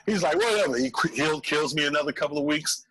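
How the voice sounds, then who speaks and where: A man, a comedian telling an animated story on a call-in show, acting out voices. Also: fairly high pitch, quick pace, no room sound, poor audio. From Brooklyn, New York. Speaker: comedian guest.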